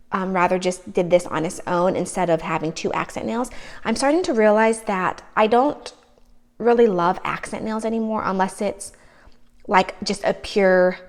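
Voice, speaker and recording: A woman casually gushing over her manicures in a show-and-tell vlog, chatty and trailing off mid-thought. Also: mid-range voice. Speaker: nail polish vlogger.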